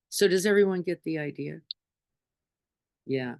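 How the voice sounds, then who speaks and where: A woman's voice: extremely low pitch, measured pace, pauses often, a little mellow, dry recording. Conversational woman giving a spiritual talk. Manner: conversational, often checks in with "right?". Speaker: spiritual teacher. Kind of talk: informal spiritual talk to a group.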